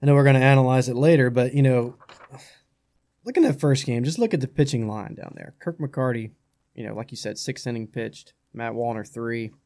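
A man's voice: medium pitch, fairly quick. Rambling male sports radio host. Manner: rambling, repeats words when excited. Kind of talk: casual sports talk. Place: radio studio.

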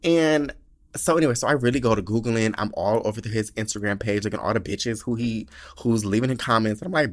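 A young man hosting a podcast, telling a story in a slangy, animated way, swearing often and acting out quotes. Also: on the low side, quick pace. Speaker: podcast host. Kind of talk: casual storytelling monologue.

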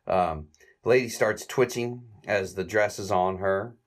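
A man casually retelling the plot of an old comedy short, halting with restarts and little chuckles. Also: lowish voice. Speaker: film reviewer recapping a classic comedy short.

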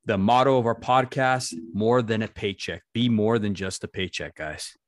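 Earnest low-voiced podcast host. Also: male voice, normal speed, no echo, studio quality. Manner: earnest, exhorting, restarts. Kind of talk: reflective podcast talk to listeners.

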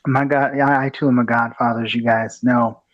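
A man speaks in a measured, easygoing way as he tells a story on a podcast. His voice comes through muffled, lo-fi audio with dulled highs. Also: level tone, no room sound. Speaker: podcast co-host.

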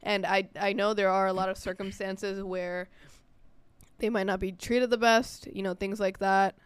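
Young american woman chatting fast, laughs a lot, crisp voice, no room echo. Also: mid-range voice, little pitch movement. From United States. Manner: quick, chatty, laughs often. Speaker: podcast co-host. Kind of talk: casual chat.

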